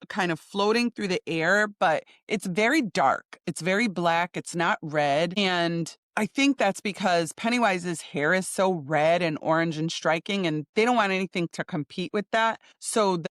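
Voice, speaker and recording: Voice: mid-range voice, fairly bright tone, no room sound, clean studio sound. Chatty podcast host recapping a show. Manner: chatty, loose, with frequent "like" and "kinda". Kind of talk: casual solo recap of a TV finale.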